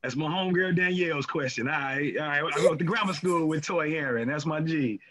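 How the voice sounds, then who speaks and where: A man in casual chat as a podcast co-host, talking candidly and profanely with animated storytelling. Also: on the high side, fairly quick. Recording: lo-fi muffled recording.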